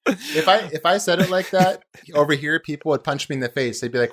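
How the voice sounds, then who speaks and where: A man's voice: a little high, expressive, fairly quick, fairly bright tone. An American man co-hosting a podcast in casual, self-deprecating chat. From United States. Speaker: podcast co-host.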